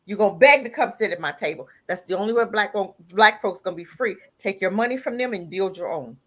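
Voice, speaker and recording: In a fairly bright voice that runs a little fast with lively intonation, a caller on a live talk show unleashes an emphatic, heated rant full of repeated lines. Her laughter breaks through, and her voice climbs to a near-crying pitch.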